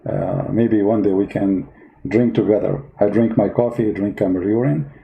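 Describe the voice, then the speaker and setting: A man's voice: lowish voice, normal speed, gravelly, phone-quality sound, slight background noise. A man hosting a parody debate, asking sarcastic, mock-innocent questions. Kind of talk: comedy skit.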